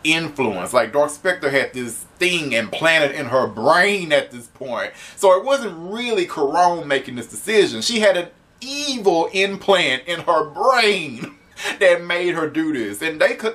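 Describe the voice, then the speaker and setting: A man's voice: a little high, expressive, normal speed, fairly bright tone. A man giving a casual spoken comic book review, chatty, laughing often and swearing freely.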